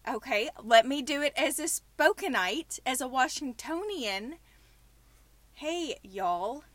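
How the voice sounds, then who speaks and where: A woman's voice: high voice, animated, a little slow, fairly bright tone, no room sound. A woman in her forties with a Southern US accent, hosting a podcast in a casual, chatty way. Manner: chatty, laughing storyteller. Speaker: podcast host.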